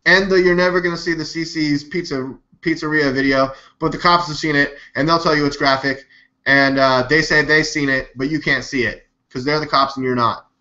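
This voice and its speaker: Dude hosting a live news stream, bright sharp voice, rambly and skeptical, kinda dull lo-fi audio. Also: male voice, fairly high pitch, a little fast. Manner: rambling, animated, skeptical, swears. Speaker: live news show host. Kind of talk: casual live-stream commentary.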